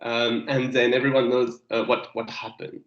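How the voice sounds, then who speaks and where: A French man in his thirties, a guest geologist giving a remote lecture to students, speaking English with a French accent, halting and restarting as he searches for words. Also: mid-range voice, level tone. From France. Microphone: video call. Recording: echoey, lo-fi video call audio.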